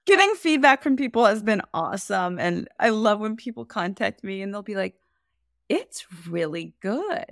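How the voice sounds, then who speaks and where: A woman's voice: medium pitch, lively intonation, brisk, hardly any pauses, a bit bright, no room sound, studio quality. A woman co-hosting a podcast who talks in a casual, effusive and emotional way. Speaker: podcast co-host. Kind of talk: casual chat.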